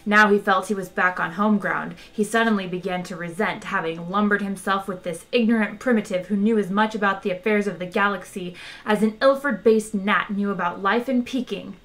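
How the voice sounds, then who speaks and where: A woman reading a novel aloud as narrator, measured and even. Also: medium pitch. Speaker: audiobook reader. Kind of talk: scripted narration.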